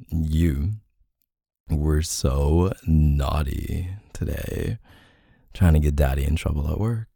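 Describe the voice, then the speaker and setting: A man performing an intimate adult audio role-play in a dominant, teasing way, with soft moans and whispered asides. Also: sits low, vocal fry, breathy edge, no room sound, studio quality.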